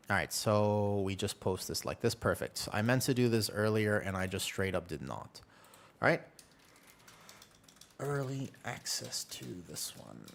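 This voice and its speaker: A young man chats casually with his viewers while he plays a game, joking his way along. His pitch leaps around a lot, and his voice sits in an ordinary middle register for a man. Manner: animated, joking, chatting to viewers. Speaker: streamer. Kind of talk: casual gaming stream chat.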